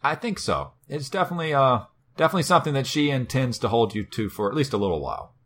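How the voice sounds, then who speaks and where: A man's voice: mid-range voice, sing-song, fast talker, fairly bright tone. A man co-hosting a podcast, retelling a story in casual chat, wry and full of swearing. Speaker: podcast co-host.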